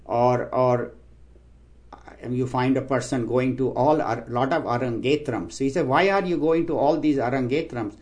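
A man giving a spiritual talk, explaining scripture terms and telling stories, acting out the quoted voices with raised pitch. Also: moderate pace, darkish tone. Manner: storytelling, acts out quoted voices with rising pitch. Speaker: spiritual teacher. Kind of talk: sermon with stories and jokes.

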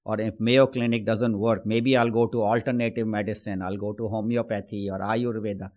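A man's voice: on the low side, flat delivery, fairly quick, darkish tone. Man teaching scripture in a patient, conversational way. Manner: patient explaining with homely examples and frequent fillers. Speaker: spiritual teacher. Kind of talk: scripture discourse.

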